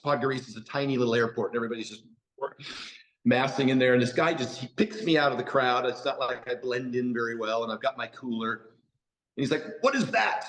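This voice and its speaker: A fairly bright, mid-range voice belongs to an American man telling stories as a podcast guest. His casual delivery is full of "you know" asides and restarts, and the audio is poor.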